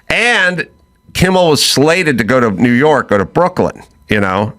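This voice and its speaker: Man, middle-aged, talk-show host, casual storytelling, lively pitch. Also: moderate pace. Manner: animated storyteller, acts out both sides of quoted talk. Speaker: podcast host.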